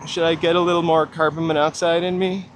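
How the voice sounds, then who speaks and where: A middle-aged man talks to his viewers while walking city streets, his voice sitting a little high for a man. He jokes and teases himself in a loose, chatty way, filmed on a handheld walking camera with faint traffic noise behind him. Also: level tone, a little fast. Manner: chatty, joking, self-deprecating asides to viewers. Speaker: live-stream walking host. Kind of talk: casual walking live-stream chat. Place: outdoors on downtown city streets and through tunnels. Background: city traffic ambience.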